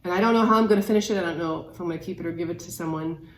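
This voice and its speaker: A woman's voice: fairly low pitch, racing, echoey room. A woman co-hosting a crafting vlog, chatting casually with her sister in a musing way, often trailing off and restarting. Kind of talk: casual chat between sisters.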